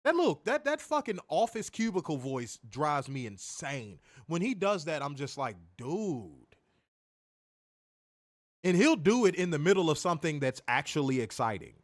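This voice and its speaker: A man's voice: a little high, brisk, hardly any pauses, dry recording, studio quality. A man co-hosting a wrestling review show, talking in loose, profane banter and mimicking voices. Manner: animated, mimics voices, swears a lot. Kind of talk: casual profane podcast banter.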